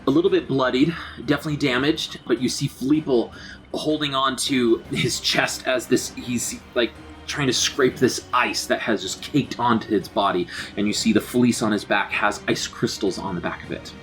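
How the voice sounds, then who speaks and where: A man's voice: mid-range voice, moderate pace, fairly bright tone, soft background music. A man narrating a tabletop role-play game as game master, with vivid scene descriptions.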